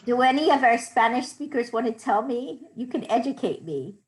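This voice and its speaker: A woman's voice: a little high, expressive, moderate pace, slight background noise, poor audio. A middle-aged American woman teaching a Hebrew class, patiently explaining and demonstrating sounds. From United States. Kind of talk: online class lesson.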